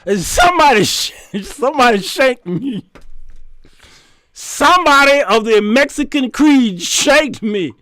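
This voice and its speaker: A man putting on a desperate, showy defendant pleading before a judge, repeating himself and dropping into a low croon to flatter. The voice sits fairly high overall. The sound is dry and close, with no room around it. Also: a little slow, no echo, full character voice. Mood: loud protesting. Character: pleading flirtatious male defendant, theatrical and desperate.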